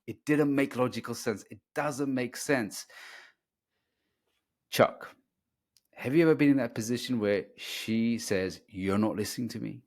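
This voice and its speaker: Animated male podcast host. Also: mid-range voice, unhurried, long pauses. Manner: animated, acts out arguments with raised voice. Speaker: podcast host and relationship coach. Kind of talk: casual podcast chat.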